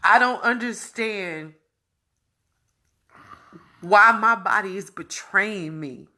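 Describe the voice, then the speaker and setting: A woman speaking a raw personal testimony, repeating herself and breaking between tears, laughter and shouts of frustration. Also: mid-range voice, slow. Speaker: vlogger sharing her illness story.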